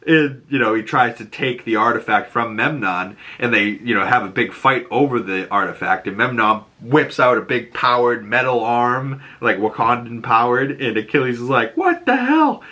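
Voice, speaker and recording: Bright-voiced man recapping a show. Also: mid-range voice, normal speed, few pauses. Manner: rambling, animated retelling with filler words. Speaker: YouTube reviewer. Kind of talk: casual episode recap.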